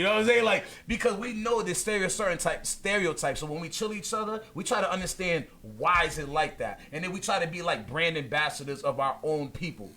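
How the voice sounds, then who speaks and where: Guy telling a story with his buddies, lively, acts out the voices, kinda high voice. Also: fairly quick, hardly any pauses. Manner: animated, laughs often, acts out voices in stories. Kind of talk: casual storytelling among friends.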